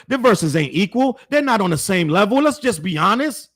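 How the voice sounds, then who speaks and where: A man hosts his own commentary show, talking straight to his audience in a blunt, heated way. His voice sits high for a man. He leans on slang and keeps hammering the same point home. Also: animated, normal speed, hardly any pauses, a bit bright. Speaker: show host. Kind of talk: opinionated commentary to camera.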